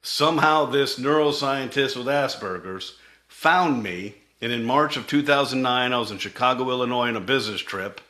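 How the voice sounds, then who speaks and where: A man's voice: mid-range voice, normal speed, pushed and bright. A middle-aged man, a company CEO, telling his founding story in a vivid presentation that acts out quoted dialogue.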